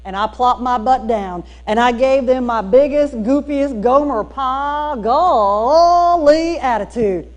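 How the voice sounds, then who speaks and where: A woman with a Southern US accent giving a storytelling keynote at a teacher training, folksy and animated with emphatic punchlines. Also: high voice, slow, hardly any pauses. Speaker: speaker at a teacher training day. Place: church hall used for a school district training.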